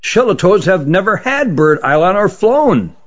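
A man's voice: high voice, big pitch swings, measured pace, voice pushed up, full character voice. A man voicing a stern, harsh old male magician who scolds with indignation. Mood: scolding. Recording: dull lo-fi audiobook recording.

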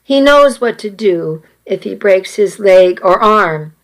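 Woman voicing a worried dad, choked up, halting, slow and steady. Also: medium pitch. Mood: anxious. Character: worried grown man, a father. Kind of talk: audiobook character reading.

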